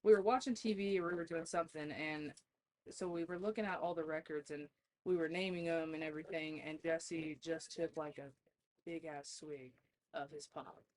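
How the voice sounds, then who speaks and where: Woman with a lowish voice, podcast guest, laughs a lot, cusses casually while telling stories. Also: steady tone, moderate pace, a little hiss or hum. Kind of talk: casual storytelling chat.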